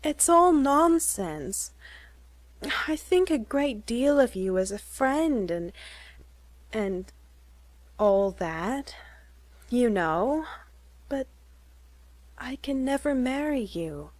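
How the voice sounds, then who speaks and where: A woman voicing a flustered young heroine, pitched up. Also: lively intonation, no room sound. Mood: flustered pleading. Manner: hurried, pleading, emotional.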